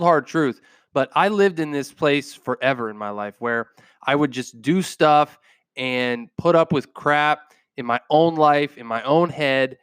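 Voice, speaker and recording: A man's voice: medium pitch, fairly bright tone, clear, resonant tone, dry recording, clean studio sound. A man hosting a podcast, delivering an intense motivational monologue into a microphone, emphatic and repeating phrases for punch. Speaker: podcast host.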